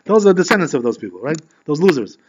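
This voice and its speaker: Male rabbi, rapid, chatty sermon storyteller; muffled lo-fi audio. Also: a little high, slight background noise. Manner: animated, chatty, heavy with filler phrases. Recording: dull lo-fi recording.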